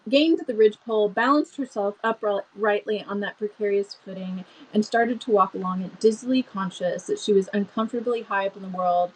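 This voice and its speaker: A woman's voice: mid-range voice, slightly rough, low-quality recording. A woman reading a novel aloud expressively, with chatty asides and small stumbles. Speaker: book reader.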